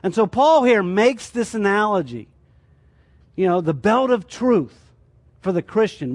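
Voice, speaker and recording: A man's voice: sits high, expressive, takes it slowly, long pauses. A man teaching a sermon as a church teacher, explaining his points through rhetorical questions.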